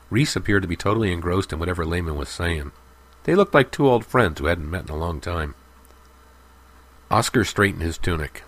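A man narrating a story in a steady, even audiobook style. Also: deep voice.

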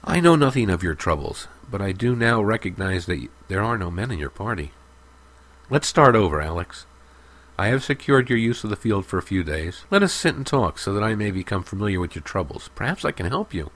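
A man voicing a smooth-talking young merchant with a glib, persuasive manner. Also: lowish voice, big pitch swings, fairly quick, fairly bright tone.

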